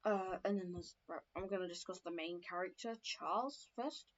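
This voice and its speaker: A woman's voice: on the low side, normal speed. Young woman rambling through her story. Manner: profane, rambling, many fillers and self-corrections. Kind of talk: casual rambling lore telling. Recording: dull lo-fi recording.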